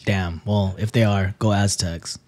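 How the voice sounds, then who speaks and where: A man's voice: on the low side, steady tone, unhurried, darkish tone. A man co-hosting a podcast in casual chat, teasing and laid-back. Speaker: podcast co-host.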